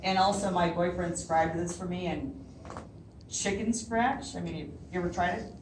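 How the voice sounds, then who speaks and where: A woman with a fairly low voice and a normal speaking speed reads her poems at a library, visibly nervous and laughing frequently between lines. It's a live reading recorded from a distance in a roomy hall, with background noise.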